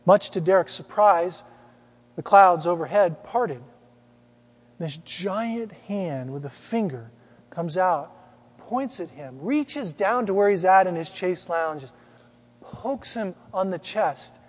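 A pastor with a high voice delivers a sermon, moving between storytelling and emphatic rhetorical questions. His words ring out with a long reverb through a church sanctuary. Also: lively intonation, slow.

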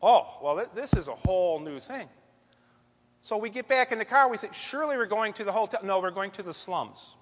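A man telling a story from the pulpit in an animated, conversational way, as a church speaker giving a sermon. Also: high voice, moderate pace. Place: church sanctuary. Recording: long echoey church hall reverb.

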